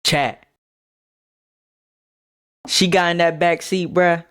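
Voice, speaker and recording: A young man streamer telling a casual storytime to his chat in an animated, slangy way, often repeating words. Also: a little high, slow, clear, resonant tone.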